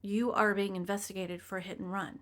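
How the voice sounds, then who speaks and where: A woman quoting a stern, formal male police officer in her own voice, slow and halting. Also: medium pitch, little pitch movement, lightly acted.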